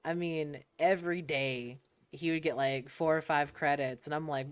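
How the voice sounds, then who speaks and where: With a low, fairly evenly intoned voice at a moderate pace, clear and resonant in a dry recording, a young US woman tells casual stories as she streams a game. She stays laid-back, curses freely, laughs often, and impersonates the people she quotes.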